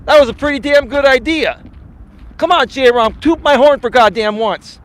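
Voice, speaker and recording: A man's voice: very high-pitched, moderate pace. A man hosting a live stream as a life coach, chatting casually in a boastful, teasing way with casual swearing, recorded outdoors. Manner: boastful, teasing, laughs at his own jokes.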